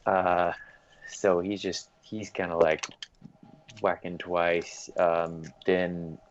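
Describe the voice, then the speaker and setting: Tabletop game player: a man with a very deep voice and a hesitant manner, recorded on a dull, lo-fi mic. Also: level tone, extremely slow. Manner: hesitant, full of ums while tallying dice. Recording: dull lo-fi mic with faint noise.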